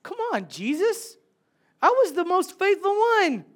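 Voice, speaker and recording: A man voicing the disciple Peter as an indignant, protesting figure who demands credit, in a raised, loud voice. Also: very high voice, wildly swooping pitch, a little slow, pitched above the performer's own voice, heavily acted.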